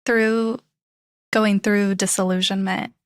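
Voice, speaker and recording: A woman's voice: medium pitch, level tone, takes it slowly, no echo, studio quality. A woman hosting a podcast, reflecting thoughtfully aloud on her guest's point. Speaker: podcast host. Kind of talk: casual interview chat.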